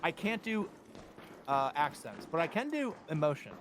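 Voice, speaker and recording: A man playing a game on a livestream, excitable and swearing in casual chat. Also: on the high side, moderate pace, background noise. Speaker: co-player on a livestream.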